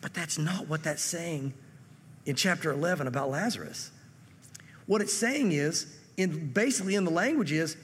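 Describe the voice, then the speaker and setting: A pastor delivers a conversational sermon, reading verses aloud and voicing the people in them. His voice sits high for a man. The sound rings with the long reverb of a hall. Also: husky. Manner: conversational preaching, reads scripture aloud and acts out quotes.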